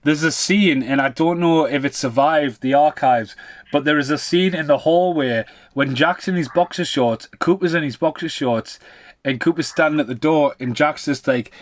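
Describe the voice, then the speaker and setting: Podcast co-host: man, slightly high-pitched, animated and sweary, laughs through his anecdotes. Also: moderate pace. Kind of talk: casual reunion podcast chat.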